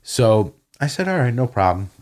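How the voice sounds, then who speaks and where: A man's voice: mid-range voice, normal speed. Profane man telling a story. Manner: profane, animated retelling with quoted dialogue. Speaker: podcast guest. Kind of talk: casual storytelling. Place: home podcast room.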